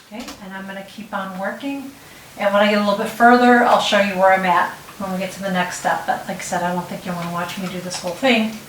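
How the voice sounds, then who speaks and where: A woman's voice: medium pitch, steady tone, quick pace. A middle-aged woman hosting a casual step-by-step craft tutorial, talking while she works and checking in with "okay?". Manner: chatty, talks while working, frequent restarts and "okay?" check-ins. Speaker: DIY tutorial host. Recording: roomy, distant mic with faint noise.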